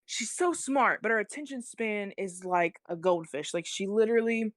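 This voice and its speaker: A woman in her twenties, a guest on a podcast, telling stories fast in casual, cussing chat. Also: medium pitch, no echo, clean studio sound. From South Carolina. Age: 20s. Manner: fast, swearing, animated storytelling. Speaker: guest musician.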